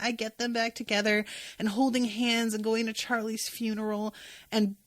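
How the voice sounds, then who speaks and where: A podcast host with a fairly high-pitched voice gushes casually about a show she loves, getting emotional and sometimes choked up. There is no echo on the recording.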